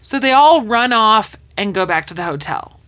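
Woman podcast co-host, bright voice, lively scene retellings with sound effects. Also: medium pitch, moderate pace. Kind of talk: casual movie chat.

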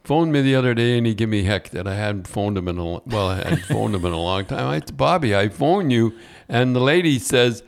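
A man's voice: medium pitch, expressive, a little fast, gravelly. Older man, podcast host, rambling storyteller who laughs mid-sentence. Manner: rambling anecdotes with chuckles. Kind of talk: casual chat.

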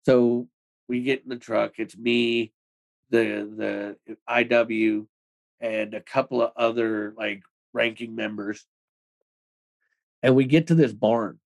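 Man, interview guest, casual storytelling, rapid loose talk, filler "like", swearing. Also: medium pitch, steady tone, creaky, rough recording. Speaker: interview guest, former extremist.

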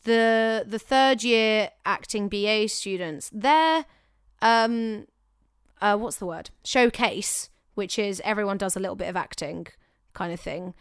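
A woman's voice: medium pitch, unhurried, clean tone, no room sound, studio quality. A young woman co-hosting a casual talk show, giving acting advice in an emphatic, chatty way that often corrects itself. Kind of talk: casual chat.

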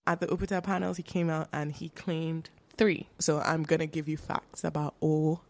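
A woman's voice: low-pitched, level tone, moderate pace. A young woman co-hosting a podcast, setting up a true-or-false quiz in a playful, chatty way. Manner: playful quiz-giving storyteller. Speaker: podcast co-host. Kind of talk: casual chat.

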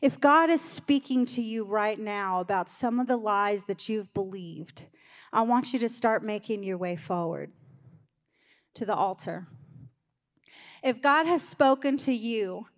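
A woman's voice: mid-range voice, measured pace. A woman pastor preaching a sermon in a church, talking conversationally and urging the congregation along. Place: church sanctuary. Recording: long hall reverb in a church.

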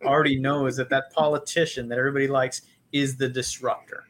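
A man co-hosting a podcast in loose, rambling chat. He swears freely and drifts from point to point in an ordinary middle-pitched voice. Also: little pitch movement, fairly quick, fairly bright tone. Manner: profane, rambling, puts on mock accents. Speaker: podcast co-host. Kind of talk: casual comedic chat.

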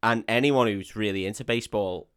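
A man's voice: on the low side, a little fast, a bit bright, clear, resonant tone. A young man co-hosting a casual film podcast, swearing freely, mocking, and dropping into silly voices and hummed tunes. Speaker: podcast co-host. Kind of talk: casual film review chat.

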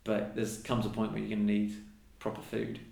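Gravelly-voiced man chatting in a roomy space. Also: fairly low pitch, monotone, a little fast, dark tone. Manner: chatty, acts out quoted exchanges. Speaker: podcast guest, elite mountain runner. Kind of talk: casual conversation. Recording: roomy echo.

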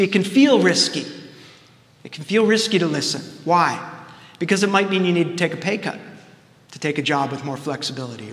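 A man's voice: a little high, a bit bright. Man preaching in an echoing church. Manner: conversational, plain-spoken preaching with casual asides. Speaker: seminarian preaching. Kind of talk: sermon. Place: church sanctuary. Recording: roomy church echo with long reverb.

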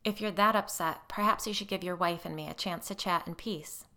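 A woman's voice: fairly low pitch, a little fast, sharp tone. A woman voicing a composed, firm church woman investigating a haunting, in a story reading.

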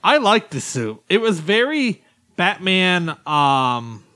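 Relaxed male co-host, hesitant and casual, slightly high pitch. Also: slow. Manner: easygoing, hesitant with fillers. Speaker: podcast co-host. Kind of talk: casual chat.

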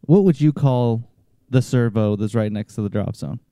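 A man's voice: mid-range voice, normal speed, mellow, no room sound, studio quality. A man joking easily in a casual podcast chat. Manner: joking, easygoing.

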